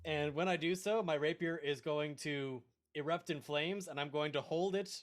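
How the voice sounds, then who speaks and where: A player in a tabletop game, excitable and stammering as they talk. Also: medium pitch, moderate pace.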